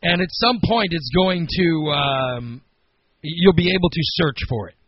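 Midwestern american man, forties, husky, opinionated radio host, dry dull lo-fi sound. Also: on the high side, measured pace, no echo. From Chicago, United States. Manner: rambling, opinionated, talks through thoughts aloud. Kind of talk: casual radio chat.

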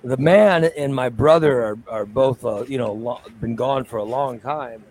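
A man's voice: medium pitch, normal speed, a little mellow, rough recording. A man on a morning talk show telling a long, rambling story in casual, crude language. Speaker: radio show co-host. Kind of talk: casual chat.

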